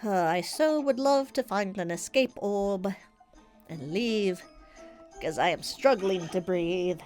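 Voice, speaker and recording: A woman's voice: mid-range voice, takes it slowly, a little mellow, soft background music. A woman streaming a game, chatting casually with a stuffy nose, giggling and rambling through stories. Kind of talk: casual live-stream chat.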